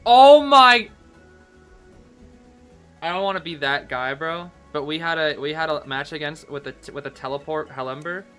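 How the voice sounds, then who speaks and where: An excitable man recaps his gameplay for a live chat, stumbling over repeated words and tossing in "bro" constantly. His voice sits a little high and sounds bright and forceful. Faint music plays quietly behind him. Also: a little fast, few pauses. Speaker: game streamer.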